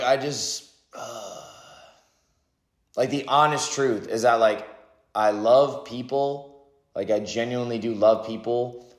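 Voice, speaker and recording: Rambling, reflective man in his thirties. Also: mid-range voice. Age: 30s. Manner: rambling, reflective, heavy on "like" and "right?", swears often. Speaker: vlogger. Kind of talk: spiritual monologue. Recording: echoey room.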